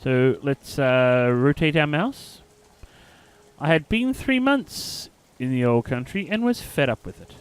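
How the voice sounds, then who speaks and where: A man's voice: medium pitch, lively intonation, measured pace, clear, resonant tone. A man hosting a let's play, commenting casually and reading game text aloud in a theatrical storytelling way. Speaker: gaming channel host.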